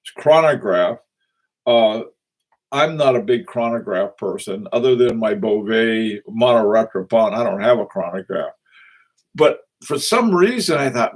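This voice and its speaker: A man's voice: on the low side, animated, unhurried. A man hosting a casual livestream about watches. He greets viewers and rambles with frequent chuckles, fillers and restarts. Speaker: watch channel host.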